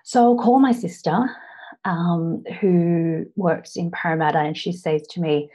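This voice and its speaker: Lower-voiced Australian woman telling her story. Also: steady tone, dark tone. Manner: earnest storytelling, often pausing on "now". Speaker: public speaker. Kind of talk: personal story speech.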